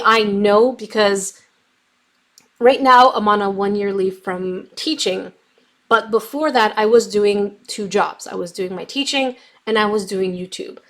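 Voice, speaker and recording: A young adult woman casually chatting on a craft livestream, reading viewer comments while testing markers, with a slight cough from bronchitis. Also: medium pitch. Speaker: craft YouTuber reading live chat.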